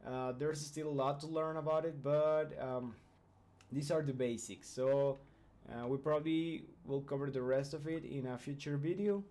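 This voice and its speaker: A man whose first language is Spanish explains English grammar in a video lesson. His voice is mellow and warm, and he walks through each point patiently. He pauses to check that the viewer is following. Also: on the high side, steady tone. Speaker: English teacher.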